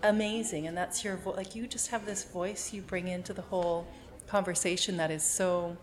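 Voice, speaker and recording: A woman hosting a podcast interview, encouraging and supportive with quick asides. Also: lowish voice, steady tone, a little hiss or hum. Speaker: podcast host. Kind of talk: casual interview chat.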